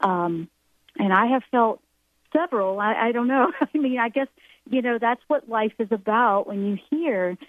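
A woman's voice: on the high side, lively intonation, moderate pace, no echo. Earnest woman on a tinny phone line. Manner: earnest, rambling, spiritual. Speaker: spiritual guest speaker. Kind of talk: radio call-in show talk.

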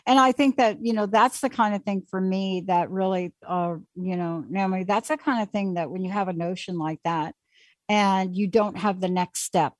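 A woman hosting a call-in talk show, talking in an animated, chatty way and taking callers. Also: mid-range voice, moderate pace, no echo. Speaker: host.

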